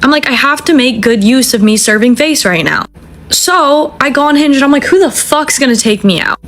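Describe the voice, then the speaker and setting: A woman in her twenties telling a dating story, animated, profane and self-mocking. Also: high-pitched, normal speed. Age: 20s. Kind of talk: casual storytelling.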